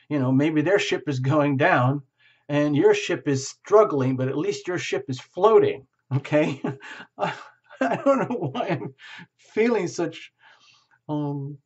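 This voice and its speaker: A man at an ordinary middle pitch talks through a tarot reading in a gentle, reassuring way. He muses and circles back on his words, with plenty of fillers. The audio is a little dull and lo-fi. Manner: musing, repeats words, frequent fillers. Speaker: tarot reader. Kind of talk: casual tarot reading monologue.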